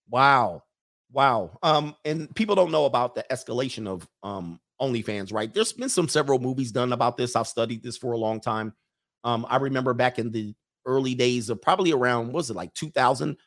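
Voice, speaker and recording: A man hosting a casual livestream, reading chat and running a poll, loose and joking with frequent digressions. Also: mid-range voice.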